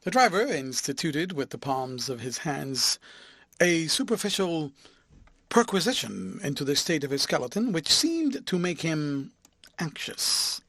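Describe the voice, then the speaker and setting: A man reading a classic novel aloud as an audiobook, with lively, expressive narration. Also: fairly high pitch, unhurried, dry recording, clean studio sound.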